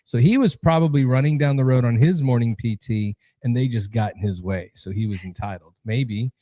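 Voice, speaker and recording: A man hosting a veterans podcast with a dark, mellow voice. He rants bluntly and freely swears in casual chat, recorded dry and close. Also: medium pitch, fairly quick, no echo. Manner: blunt, profane, animated ranting. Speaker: podcast host.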